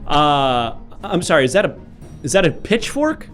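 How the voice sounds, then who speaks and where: A man hosting an improv comedy livestream as a mock-formal judge, thanking viewers and questioning defendants, with a somewhat high voice over soft music. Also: sing-song, normal speed. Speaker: host playing a judge.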